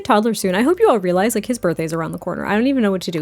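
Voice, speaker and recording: A woman's voice: medium pitch, expressive, rapid-fire, vocal fry, hardly any pauses, darkish tone. A young woman who hosts the channel, telling a life-sim game story in a chatty, casual way, full of fillers and fond asides. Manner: chatty, filler-heavy, doting. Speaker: gameplay narrator.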